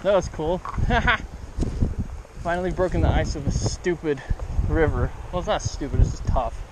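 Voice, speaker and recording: A man vlogging while fishing a river, talking excitedly to viewers and the fish on an action camera. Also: on the high side, a little slow. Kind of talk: excited outdoor fishing commentary. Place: outdoors by a river. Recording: noisy outdoor camera audio. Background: river water and wind.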